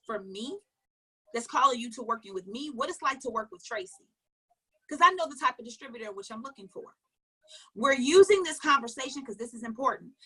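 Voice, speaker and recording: Bright, high-voiced woman coaching emphatically. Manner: emphatic, questioning, repeats phrases. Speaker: network marketing coach. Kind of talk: motivational coaching talk.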